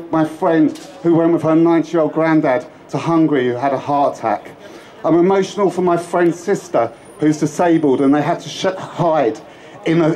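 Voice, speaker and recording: A man's voice: on the high side, a little mellow, slight background noise, low-quality recording. A man giving an impassioned protest speech at an outdoor rally, with emphatic, repetitive rhetoric. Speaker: rally speaker.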